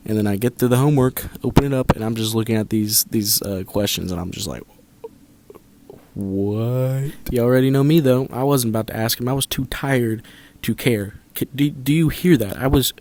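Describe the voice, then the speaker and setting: A man telling a storytime commentary as a basketball YouTuber, sarcastic and animated, often asking the viewer rhetorical questions. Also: medium pitch, brisk.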